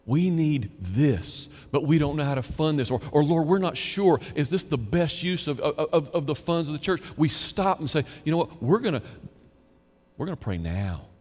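A man's voice: fairly high pitch, normal speed. A man preaching a sermon as pastor, acting out quoted prayers and conversations. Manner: animated, acts out quoted prayers and chatter. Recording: long reverb of a church hall.

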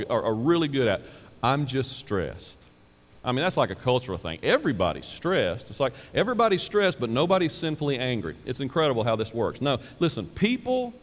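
Animated preacher in a reverberant hall. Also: male voice, mid-range voice. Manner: animated, self-deprecating, acts out quoted excuses. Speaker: pastor. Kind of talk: sermon.

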